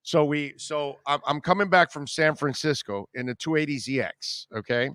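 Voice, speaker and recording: A man's voice: on the high side, moderate pace, clear, resonant tone, dry recording. Man hosting a talk radio show. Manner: rambling, animated anecdote telling. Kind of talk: casual on-air storytelling.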